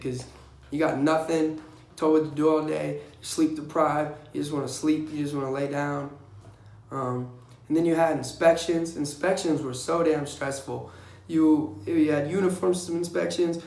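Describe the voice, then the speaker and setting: A young man speaking in a fairly high, gravelly voice, telling casual and profane stories. His delivery is blunt and gets animated whenever he acts out what other people said. The room around him is echoey. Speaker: vlogger recounting navy boot camp. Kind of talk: casual storytelling.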